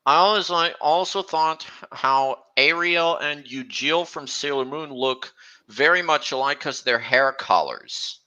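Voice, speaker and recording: Slow, halting man with a bright voice. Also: a little high, highs cut off. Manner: halting, many restarts, slow and meandering. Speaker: streamer. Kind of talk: casual chat.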